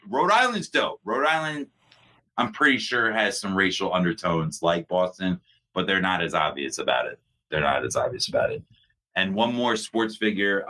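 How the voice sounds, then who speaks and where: A man co-hosting a podcast, rambling through casual chat with restarts and frequent laughs. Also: sits low. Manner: rambling, animated, laughs often. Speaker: podcast co-host.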